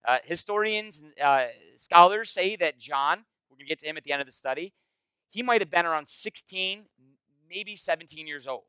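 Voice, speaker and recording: Pastor, male, chatty and animated teaching voice, dry close sound. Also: a little high, moderate pace, clean tone, no echo, low-quality recording. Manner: animated, conversational, acts out quoted voices. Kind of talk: casual Bible-study sermon.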